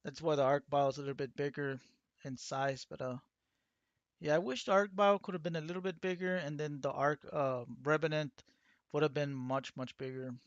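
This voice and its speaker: A man's voice: a little high, fairly even intonation, fairly quick, no echo. Rambling man with dull lo-fi sound. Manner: rambling, many fillers and restarts. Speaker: channel host. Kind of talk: casual talk to camera.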